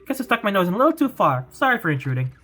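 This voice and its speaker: A woman's voice: medium pitch, sing-song, very fast, a bit bright, voice pushed up. A woman voicing a playful, easygoing young male priest in a wobbly put-on Scottish accent, over faint game music. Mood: breezy.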